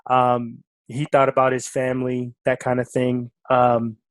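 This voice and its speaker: A man's voice: mid-range voice, monotone, measured pace, no echo. A man hosting a podcast interview, speaking in an enthusiastic, informal way. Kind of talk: casual interview talk.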